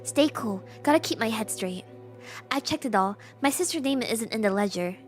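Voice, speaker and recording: A woman's voice: fairly high pitch, animated, normal speed, soft background music, lightly acted. A woman voicing a plucky young girl detective. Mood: determined.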